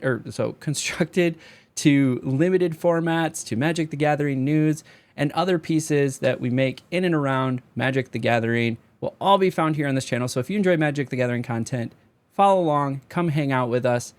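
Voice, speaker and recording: A young man rambling casually through card reviews, his voice going hoarse and straining on high notes. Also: normal speed. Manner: loose, rambling, sings a repeated catchphrase. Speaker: card game video creator.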